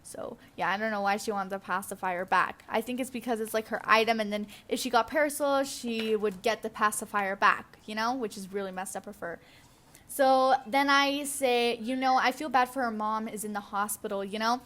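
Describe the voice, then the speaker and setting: A young woman narrates her gaming story in a loose, chatty way, full of fillers and restarts. Her voice sits a little high and sounds bright. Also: moderate pace. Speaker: gaming YouTuber. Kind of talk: casual commentary over gameplay.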